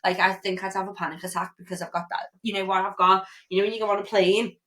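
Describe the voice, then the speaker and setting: A young woman with a British accent talks straight to her listeners in a chatty fitness podcast. She is blunt and casual, drops the odd swear, and keeps checking in with "okay?". Her voice sits at a mid pitch for a woman. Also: level tone, fast, sharp tone. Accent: British English. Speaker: podcast host, fitness coach.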